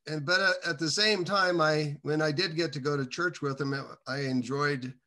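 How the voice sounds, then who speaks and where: A man sharing his personal faith testimony in a casual, halting way, with many restarts and side turns. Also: a little high, sharp tone.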